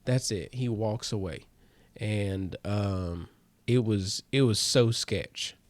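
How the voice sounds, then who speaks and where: A man telling a rambling comic story in a casual way, his voice jumping high when he gets excited. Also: slow, dry recording. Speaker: comedian host.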